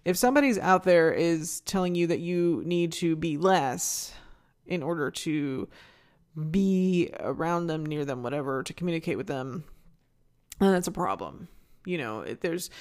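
A woman hosts a solo podcast, talking straight to her listeners. Her pitch swings widely as she goes, and she comes across as intense and passionate. She restarts her sentences often and swears freely. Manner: candid and casual, swears freely. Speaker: podcast host.

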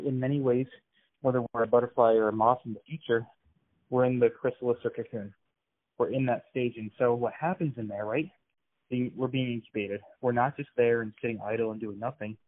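A man co-hosting a podcast, talking earnestly and motivationally, asking follow-up questions. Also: medium pitch. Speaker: podcast co-host. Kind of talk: casual conversational coaching. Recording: tinny phone-like sound, dry.

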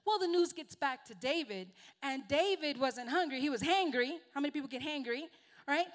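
A woman with a high, bright-pitched voice delivers a sermon in a chatty, earnest way. She is a native Spanish speaker and pokes gentle fun at herself as she talks. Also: lively intonation, normal speed. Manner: earnest, conversational, self-deprecating. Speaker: guest preacher.

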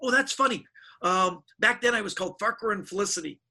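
A middle-aged man, a touch husky, spins stories in a high and bright voice. He slips into the voices of people he quotes. The talk is loose and casual, like an interview. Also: fast talker, rough recording. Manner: animated storyteller acting out quoted voices. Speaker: guest magician.

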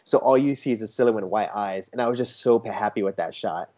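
A man chatting casually as a guest, an enthusiastic storyteller who acts out what others said in a lively, raised voice. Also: lowish voice, fast talker. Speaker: toy photographer guest. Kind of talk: casual chat. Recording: dull lo-fi sound.

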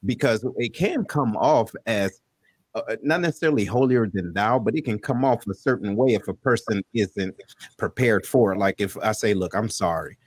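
Laid-back guy co-hosting a chat show, lowish voice, dry close sound, repeats himself as he gets going. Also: moderate pace, no room sound. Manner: laid-back, conversational, repeats words as he starts a thought. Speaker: co-host. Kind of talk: casual talk show chat.

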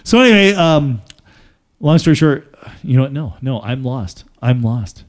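A man's voice: mid-range voice, animated, normal speed. A man in his thirties from Alberta, a podcast host telling rambling stories with lots of swearing and laughing, a bit drunk. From Alberta, Canada. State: tipsy from drinking. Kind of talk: casual podcast chat.

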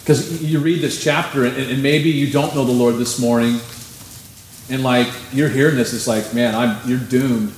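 Male pastor, casual animated sermon voice, roomy church sound, light background noise. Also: medium pitch, normal speed. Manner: conversational, animated preaching with sudden emphasis. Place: church sanctuary. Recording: echoey room, faint ambience.

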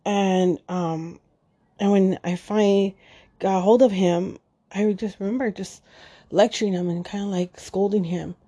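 Choked-up woman with a husky, dark voice. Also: mid-range voice, steady tone. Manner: halting, emotional, many fillers and restarts. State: choked up, near tears. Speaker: podcast host. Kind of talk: unscripted personal monologue.

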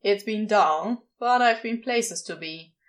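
A woman's voice: mid-range voice, slow pace, natural voice. A woman voicing an irritated, sarcastic male demon who scolds and mocks. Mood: scornful. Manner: exasperated, scolding.

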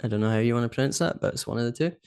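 A man's voice: medium pitch, racing, a little mellow, clean tone. A Scottish man co-hosting a podcast in casual chat, talkative and laughing often. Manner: chatty, laughs often, says "do you know what I mean". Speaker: podcast co-host.

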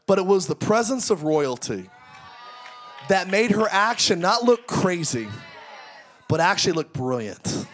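A man in his thirties preaching a sermon, energetic and exhortative, with humorous asides. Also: high-pitched, a little hiss or hum. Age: 30s. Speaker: pastor.

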